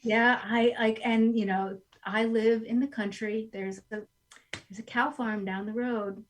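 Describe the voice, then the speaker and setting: A woman in her forties talks as a guest on a casual podcast, a little high in pitch. She tells her story in an animated way, often voicing her own past thoughts. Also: measured pace. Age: 40s. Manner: animated storyteller who acts out her past self in quotes. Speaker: guest, goat sanctuary owner. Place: rural home.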